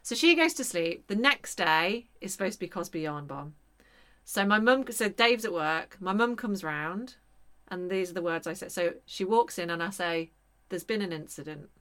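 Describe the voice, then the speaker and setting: A woman in her thirties, a podcast co-host telling an animated, sweary story in casual chat. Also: lowish voice, moderate pace, clean tone.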